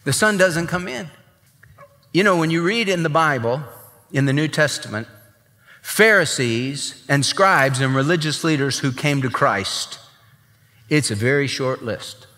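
A man preaching a sermon as pastor, emphatic and animated. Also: on the high side, measured pace, in a large hall.

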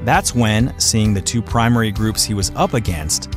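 A man's voice: lowish voice, normal speed. A man reading a scripted introduction for a radio ministry program. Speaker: program announcer. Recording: guitar music underneath.

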